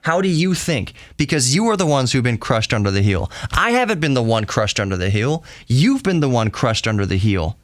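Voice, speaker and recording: A man's voice: mid-range voice, big pitch swings, a little fast, hardly any pauses, no room sound, studio quality. A man hosting a podcast, talking in an earnest and heated solo monologue, often repeating and restarting his phrases. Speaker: podcast host.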